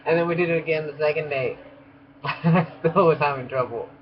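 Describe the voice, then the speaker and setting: A man's voice: on the high side, a little fast. Young man rambling, muffled lo-fi audio. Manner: rambling, restarts, frequent laughs. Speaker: beauty school student. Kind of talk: casual vlog storytelling. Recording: muffled lo-fi audio with background noise.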